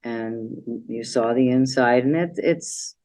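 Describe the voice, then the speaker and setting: A woman's voice: extremely low pitch, slow pace, darkish tone. A middle-aged woman casually presenting travel slides, chatty and a bit meandering, with fillers and trailing sentences. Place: library community room.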